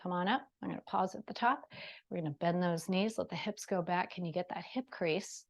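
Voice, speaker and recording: A woman's voice: lowish voice, a little fast, gravelly. A woman leading a movement exercise class, chatty and encouraging, a little out of breath. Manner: chatty and encouraging, with self-deprecating asides. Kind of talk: guided exercise class instruction.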